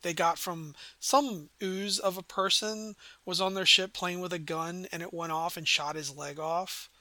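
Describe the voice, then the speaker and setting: Bright-voiced male game master. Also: high voice, fairly even intonation, unhurried, no echo. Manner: rambling, descriptive, many fillers. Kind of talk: narrating a tabletop game.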